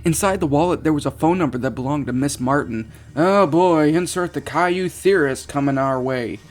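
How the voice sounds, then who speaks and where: A man's voice: a little high, moderate pace, faint music behind. A man reading a creepypasta aloud and breaking off into profane, exclaiming reactions and laughter. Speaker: creepypasta narrator and commentator. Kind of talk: reading a story with reaction commentary.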